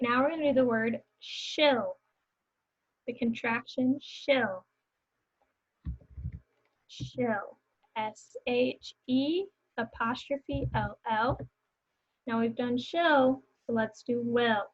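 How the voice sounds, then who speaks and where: A young woman teacher leads a phonics lesson for small children at a very slow, careful pace, stretching out each sound. Her voice sits a little high, and she keeps cheering the children on and having them say words back. The recording is a bit muffled and dull. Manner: encouraging, repeats words for students to echo.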